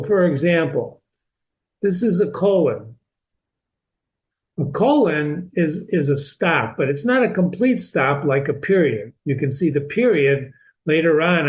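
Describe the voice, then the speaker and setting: A man's voice: fairly high pitch, animated, measured pace, low-quality recording. A man hosting a reading lesson who explains a novel step by step, repeating and restarting words as he stresses key points. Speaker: literature teacher and channel host.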